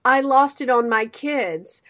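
High-voiced animated woman co-host. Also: takes it slowly. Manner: animated storyteller, acts out quotes. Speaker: radio show co-host. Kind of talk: casual chat.

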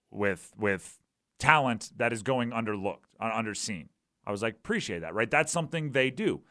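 A man's voice: medium pitch, a bit bright, dry recording. Guy on sports radio, dry close studio sound, chatty, keeps saying right. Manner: conversational, keeps asking "right?". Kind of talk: sports talk radio monologue.

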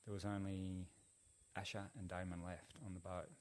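A middle-aged man, a podcast guest telling a long story in a relaxed, rambling way full of fillers. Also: sits low, normal speed. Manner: rambling, laid-back, lots of fillers. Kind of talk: casual storytelling.

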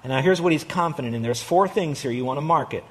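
A middle-aged man preaching a sermon, emphatic, swinging between loud declarations and hushed asides. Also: a little high, fast talker, husky. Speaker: pastor.

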